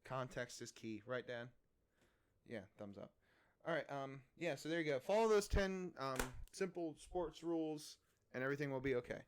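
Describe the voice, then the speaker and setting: A man's voice: medium pitch, normal speed, clean tone. A young man co-hosting a casual podcast, chatting with a friend and reading posts aloud with mocking asides and frequent laughter. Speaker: podcast co-host.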